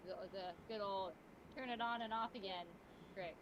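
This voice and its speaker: A woman's voice: medium pitch, normal speed, highs cut off. Rambling woman with a noisy background. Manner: rambling, self-deprecating about tech. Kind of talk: casual group chat on a livestream.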